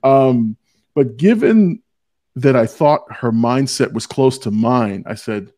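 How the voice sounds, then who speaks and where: A man's voice: medium pitch, lively intonation, slow pace, dark tone, no echo. Rambling male podcast host, dry close sound. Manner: rambling, repeats words, swears freely. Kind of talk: casual chat.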